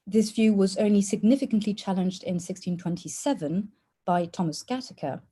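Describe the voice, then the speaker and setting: A woman presenting a formal academic paper at an online conference, in a measured way with an occasional "uh". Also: medium pitch, mellow, breathy edge. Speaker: conference speaker. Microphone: online conference call.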